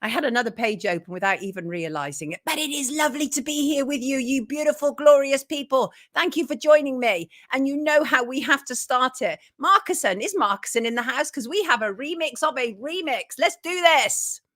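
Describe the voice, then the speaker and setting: A woman's voice: high-pitched, expressive, fairly quick, hardly any pauses, fairly bright tone. A woman hosting a live morning show, chatting and greeting viewers by name. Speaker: host.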